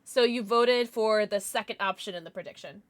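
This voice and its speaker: This woman's voice is medium in pitch and moves at a moderate pace. She's streaming live in a bubbly, casual chat with viewers, laughing a lot and cooing over her pets.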